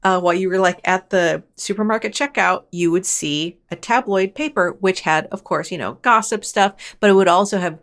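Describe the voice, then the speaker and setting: A woman hosting a paranormal storytelling show, narrating casually and chattily with wry asides and quick self-corrections. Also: on the low side, a bit bright. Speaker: host of a paranormal storytelling channel.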